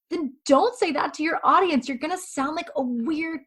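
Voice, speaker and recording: A woman with a fairly high voice, speaking as a guest in an interview. She gives writing advice in a quick, chatty, emphatic way, the tone of a professional writer who talks with her hands. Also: fairly bright tone.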